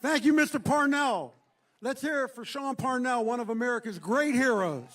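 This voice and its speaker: Man, middle-aged, very high-pitched, rousing rally speech, shouted chants, outdoor stage mic. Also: normal speed. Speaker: rally speaker.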